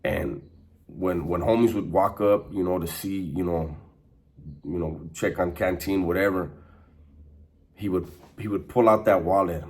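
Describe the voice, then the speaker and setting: A deep-voiced man tells stories from his prison days in a loose, unscripted monologue. He talks in streetwise slang, swears freely, and doubles back on his words as he goes. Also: steady tone, measured pace, long pauses, a little mellow. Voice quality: profane, conversational. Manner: streetwise slang, frequent restarts and fillers. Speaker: former inmate telling prison stories. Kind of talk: casual storytelling monologue.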